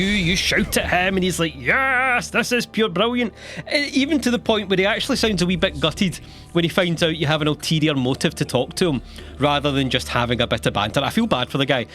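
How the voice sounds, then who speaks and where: A young man with a high voice gives a comedic recap of a video game, sarcastic and animated. He swears casually and laughs between his lines.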